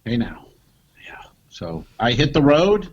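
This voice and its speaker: A man co-hosting a comedy podcast, telling an animated anecdote and acting out what people said. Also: mid-range voice, unhurried, breathy edge, highs cut off. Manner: animated anecdote teller, acts out quotes, swears. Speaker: podcast co-host. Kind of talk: comedic storytelling chat.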